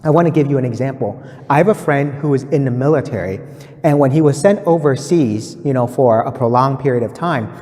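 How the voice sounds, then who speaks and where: Earnest male preacher explaining scripture point by point; mellow voice, reverberant room. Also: mid-range voice, fairly quick. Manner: earnest, explanatory, often checks in with "right?". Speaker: preacher giving a Bible reflection. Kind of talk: scripted-free sermon teaching in numbered points.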